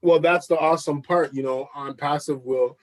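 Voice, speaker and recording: Brief: man, enthusiastic guest pitching hard, repeats himself for emphasis. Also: steady tone, normal speed. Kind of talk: live chat interview.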